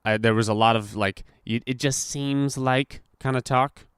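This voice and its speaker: A young adult podcast host speaks at normal speed in a medium-pitched, clean-toned voice. His casual story is laced with swearing and animated acted-out quotes, in a studio-quality recording without echo.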